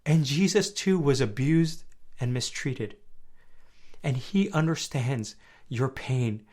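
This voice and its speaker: A young man hosting a faith podcast, talking earnestly and conversationally, dropping soft and low at times and then rising loud and high when stirred. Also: takes it slowly. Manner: earnest, conversational, often asks "right?". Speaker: podcast host. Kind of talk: faith-based personal podcast talk.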